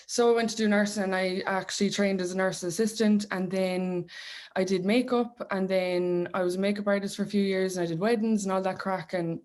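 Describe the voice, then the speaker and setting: A woman's voice: mid-range voice, steady tone, brisk, darkish tone. A young woman with a Clare Irish accent, chatting casually as a singer guest on a radio show, rambling with fillers and laughing often. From Ireland. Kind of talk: casual radio interview chat.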